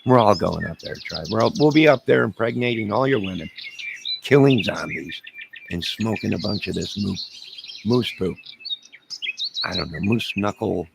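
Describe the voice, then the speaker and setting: A man's voice: fairly low pitch, normal speed, gravelly, pauses often. A man hosting a livestream, telling a rambling, jokey, folksy comedic rant outdoors. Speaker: livestream host. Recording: noisy outdoor audio with birdsong.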